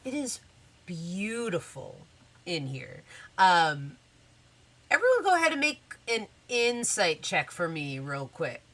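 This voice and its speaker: Running a tabletop session as game master, this woman narrates scenes in an easygoing manner, unhurried and casual, with many fillers. Her voice is clear and bright, though fairly low in pitch.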